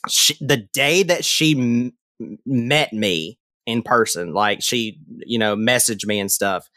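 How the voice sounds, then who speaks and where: A man hosting a podcast in casual chat, animated and jokey with mock-dramatic flair. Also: medium pitch, takes it slowly, dry recording, clean studio sound. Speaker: podcast host.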